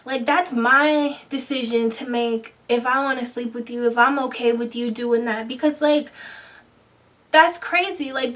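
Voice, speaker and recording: Woman doing a storytime vlog, kinda high voice, acts out all the dialogue, mic sits back a bit. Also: distant mic. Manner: animated, quotes herself and others in dialogue. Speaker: vlogger.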